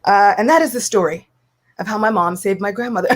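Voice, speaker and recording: A young woman speaking as a guest in a casual spiritual talk. She tells stories in an animated way and slips into the voices of the people she quotes. Her voice sits at a middle pitch. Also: normal speed.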